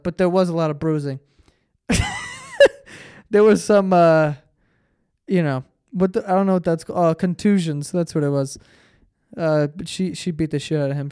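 A man's voice: a little high, darkish tone, smooth, dry recording, clean studio sound. A tired young man hosting a solo podcast, telling stories in a rambling, profane, self-interrupting way. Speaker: podcast host. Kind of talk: solo casual podcast monologue.

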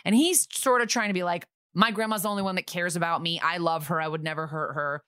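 A woman co-hosting a podcast, recapping a TV episode in casual chat with sarcastic, quick asides. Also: on the low side, fairly even intonation, pushed and bright, smooth, no room sound, clean studio sound.

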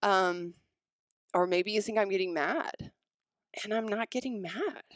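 A woman talking casually as a podcast co-host, excitable and animated as she tells stories. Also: mid-range voice, a little slow, no echo. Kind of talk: casual chat.

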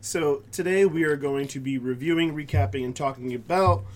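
A man hosting a wrestling podcast, chatty and quick to laugh in casual talk. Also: a little high, crowd noise. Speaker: podcast host. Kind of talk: casual chat.

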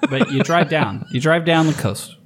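A man with a very expressive voice whose pitch jumps around, co-hosting a podcast. He tells stories with lots of swearing and energy. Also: normal speed, slightly rough. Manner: animated, profane storytelling. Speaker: podcast co-host. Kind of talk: casual chat.

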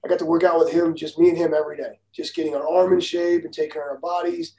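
A man in his forties, a former baseball pitcher, telling stories in casual talk. He is animated, acts out the other people's lines and laughs as he goes. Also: fast talker. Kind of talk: casual storytelling. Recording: roomy echo.

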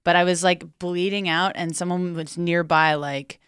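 A woman's voice: fairly low pitch, steady tone, moderate pace, a bit bright, smooth, no room sound, clean studio sound. A woman co-hosting a podcast, telling stories in a rambling, self-mocking way. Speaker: guest co-host. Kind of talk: casual chat.

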